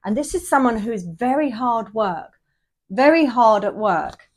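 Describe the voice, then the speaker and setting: A woman's voice: fairly high pitch, lively intonation, unhurried. A woman giving a casual tarot reading, chatty and rambling, often checking in with "yeah?". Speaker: tarot reader.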